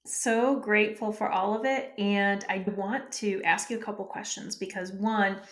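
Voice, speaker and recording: A woman's voice: mid-range voice, steady tone, moderate pace. A woman hosting a podcast, asking her guest questions in a curious way and laughing easily. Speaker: podcast host. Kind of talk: interview questions.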